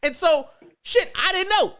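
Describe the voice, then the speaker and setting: A man co-hosting a casual wrestling podcast, animated and quick to laugh. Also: extremely high pitch. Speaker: podcast co-host.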